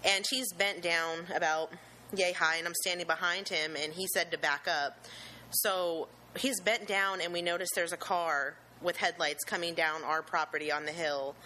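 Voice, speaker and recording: Nervous young woman with a bright, low voice. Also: fairly even intonation, slight background noise, low-quality recording. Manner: nervous and halting, with many "um"s and restarts; earnest and emotional, with religious gratitude. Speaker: eyewitness telling her story. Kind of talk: personal account, unscripted.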